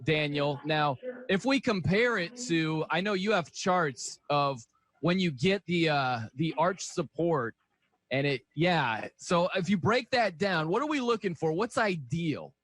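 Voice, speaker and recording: Casual, joking sports radio host. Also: male voice, a little high, expressive, unhurried, a bit bright, no echo. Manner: casual, jokey questioning. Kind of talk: radio interview.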